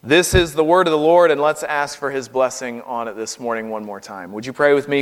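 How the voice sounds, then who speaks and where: A man from North Carolina with a Southern US accent, preaching a sermon as a guest preacher in an earnest, emphatic, deliberate way. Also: mid-range voice. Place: church sanctuary. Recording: long hall reverb.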